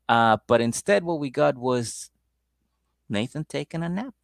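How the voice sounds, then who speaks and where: A man co-hosting a comedy podcast, telling stories casually and jumping into high-pitched impressions. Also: expressive, normal speed, creaky, no room sound, studio quality. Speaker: podcast co-host.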